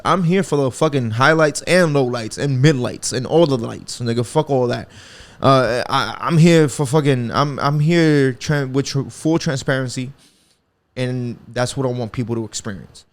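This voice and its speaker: A young man from the Bronx with a New York accent, hosting a solo podcast in a profane, rambling, casual way with lots of restarts and slang. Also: medium pitch. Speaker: podcast host.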